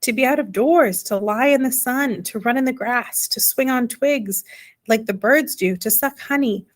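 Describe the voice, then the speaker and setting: An eager young girl with a high, bright voice full of wonder, as a woman reading a storybook puts her on. She sounds curious and hopeful. Her voice rises well above the narration. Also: moderate pace, close to an everyday voice.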